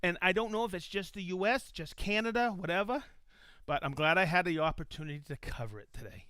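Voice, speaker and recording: A man hosts a live stream with a bright, clear voice that sits high and swings widely in pitch. He sounds enthusiastic as he greets viewers by name and hometown. The sound is close and dry. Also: quick pace, no echo. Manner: enthusiastic, reads out viewer locations. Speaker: host of a live tool show. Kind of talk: casual live-stream chat.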